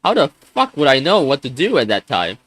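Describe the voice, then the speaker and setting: A man's voice: medium pitch, wildly swooping pitch, brisk, fairly bright tone, no echo. A young man in his twenties venting on a live stream, frustrated and swearing, often stumbling and restarting his sentences.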